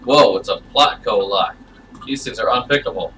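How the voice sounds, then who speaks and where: A man's voice: lowish voice, normal speed, bright, forceful tone, recorded from a distance, a little hiss or hum, low-quality recording. A man reading a game's text aloud and adding wry, bemused comments, sometimes stammering. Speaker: gamer playing through a game.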